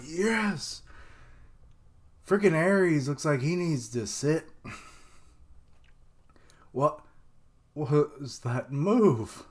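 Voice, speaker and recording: A young man giving casual live reaction commentary on a manga chapter, rambling with lots of fillers and chuckles. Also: mid-range voice.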